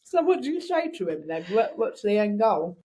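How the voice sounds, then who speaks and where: A woman, co-hosting a casual chat podcast, laughing often and telling stories in a lively way. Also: medium pitch, moderate pace, slightly rough. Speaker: podcast co-host.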